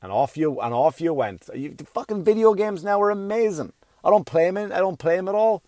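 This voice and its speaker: A man's voice: sits high, animated, a little fast, no room sound. Profane ranting stand-up comedian, man. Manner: profane, ranting, swings from mutter to yelling.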